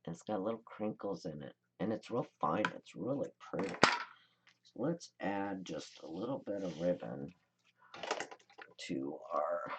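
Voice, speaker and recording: A woman's voice: extremely low pitch, animated, measured pace, heavy background noise. A woman hosting a card-making tutorial, chatting casually and thinking aloud as she works. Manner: chatty, rambling, thinks aloud while working. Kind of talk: casual crafting demonstration.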